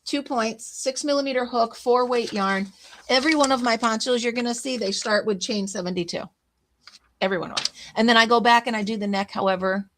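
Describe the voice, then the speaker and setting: A woman's voice: on the high side, a little fast, background noise. A woman hosting a casual crafting livestream, chatting and greeting viewers by name as she pages through her notes.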